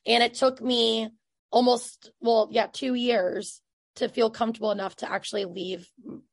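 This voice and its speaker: A chatty woman in her thirties hosts a casual podcast, talking in quick, effusive bursts full of fillers. Her voice sits a little high, and the recording is close and dry with no room around it. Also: steady tone, creaky, no echo. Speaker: podcast host and business coach.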